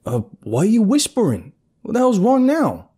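Guy doing a scared young woman calling for help, quick and urgent, real high. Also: huge pitch swings, slightly rough, full character voice. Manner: urgent, sharp, hurried. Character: young woman gang member, panicked.

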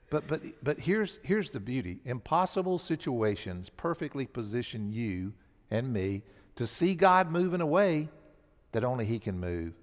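A man's voice: a little high, lively intonation, moderate pace, big-room sound. A man preaching a sermon as pastor. He tells the story with emphasis and often restarts his words. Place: church sanctuary.

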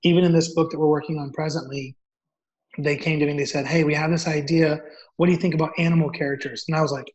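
A man telling a story as a guest author, acting out the dialogue in an animated way. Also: a little high, quick pace. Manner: animated, acts out quoted dialogue. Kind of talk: storytelling in an interview. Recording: dull lo-fi audio.

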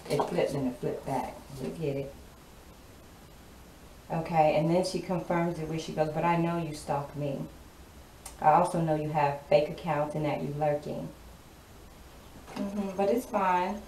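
A woman's voice: deep voice, steady tone, a little slow, pauses often, a little mellow. Sassy woman reading tarot, distant and roomy. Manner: sassy, emphatic, repeats lines for effect. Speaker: tarot card reader. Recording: roomy, distant mic, clear background noise.

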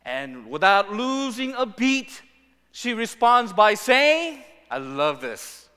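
A man preaching a sermon as pastor, animated and acting out the lines he quotes. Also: sits high, slow pace, clear, resonant tone. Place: church sanctuary. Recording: long reverb of a church sanctuary.

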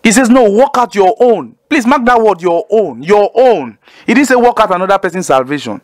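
Preacher, man, high voice, drives points home by repeating them. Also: animated, brisk. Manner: emphatic, repeats key phrases, asks listeners to say lines with him. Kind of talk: call-in Bible teaching.

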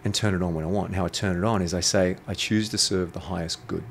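The speaker is a man interviewed as an intuitive coach, telling stories bluntly and provocatively with plenty of swearing. His low-pitched voice is fast, fairly even in intonation, and marked by vocal fry, with slight background noise.

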